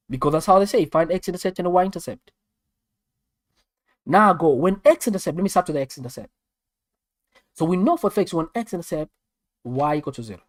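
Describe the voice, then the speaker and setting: Animated South African maths tutor. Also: male voice, high-pitched, no room sound, clean studio sound. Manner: animated, repeats steps, talks straight to viewers. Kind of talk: live online maths lesson.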